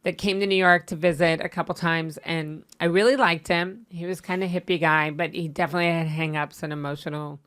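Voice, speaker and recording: A woman's voice: lowish voice, steady tone, brisk, hardly any pauses, a bit bright. Chatty woman telling a dating story. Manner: chatty, self-deprecating, laughing, acts out quotes. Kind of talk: casual chat.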